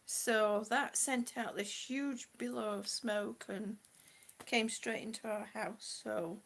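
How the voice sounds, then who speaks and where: A woman's voice: a little high, fairly even intonation, slow pace, a bit bright. A middle-aged woman, a little out of breath, chatting affectionately with live viewers and calling them honey and sweetie. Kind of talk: casual live-stream chat.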